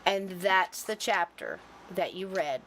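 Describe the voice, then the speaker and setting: A woman telling a story on a podcast in a casual, expressive way, quick to laugh. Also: lowish voice, a little hiss or hum. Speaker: podcast host.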